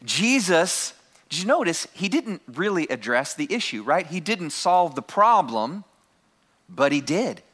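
Male pastor, sermon, bright tone, lively swooping pitch. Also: a little slow, breathy edge. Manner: animated preaching, shouts key phrases to congregation.

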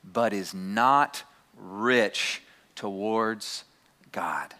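A man's voice: on the low side, drawn-out words, bright, forceful tone. A man preaching a sermon to his congregation, calling out key phrases and having the room repeat them. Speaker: pastor.

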